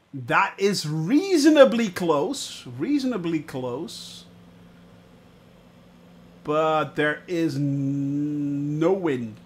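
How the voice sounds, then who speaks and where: A man streaming a flight simulator, chatting to viewers in a relaxed way with many filler sounds. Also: a little high, slight background noise. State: watery eyes, about to sneeze. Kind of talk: live-stream commentary.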